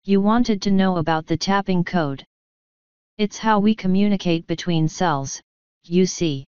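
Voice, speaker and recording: A woman's voice: fairly low pitch, measured pace, a little mellow, clean tone, dry recording, lightly acted. A woman voicing a naive, earnest male prisoner who speaks muffled through a stone wall, in a storybook reading.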